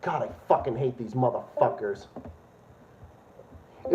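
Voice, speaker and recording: A man's voice: on the high side, very animated, normal speed, long pauses, darkish tone, recorded from a distance, a little hiss or hum. A man hosting a livestream, ranting angrily and swearing as he repeats his points. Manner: angry, swearing, repeats himself. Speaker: livestream host. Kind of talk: profane political rant. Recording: echoey room, dull lo-fi sound.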